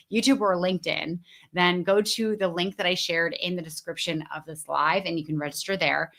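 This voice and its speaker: Bright, chatty woman coaching on a livestream. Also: fairly low pitch. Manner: chatty, lots of fillers and restarts; greets viewers in the chat. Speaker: business coach. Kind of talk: casual livestream talk. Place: at home.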